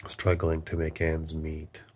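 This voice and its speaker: A man's voice: a bass voice, completely flat delivery, takes it slowly. A man in an angry, rambling political rant, swearing often and leaning on "you know". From Canada.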